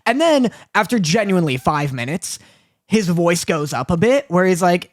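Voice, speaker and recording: A man's voice: high voice, expressive, normal speed, no room sound, clean studio sound. A man co-hosting a podcast, chatting casually, joking and laughing as he tells stories. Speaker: podcast co-host. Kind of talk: casual chat.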